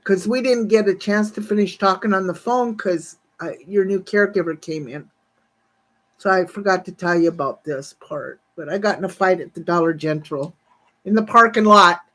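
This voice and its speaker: A woman's voice: fairly low pitch, moderate pace, fairly bright tone. A woman in her sixties on a casual livestream, telling a rambling, profane story and breaking off to greet viewers in the chat. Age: 60s.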